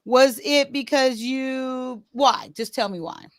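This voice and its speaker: A woman's voice: high-pitched, slow pace. A woman hosting a casual talk show, teasing and nosy as she presses her guests with questions. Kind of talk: casual interview chat.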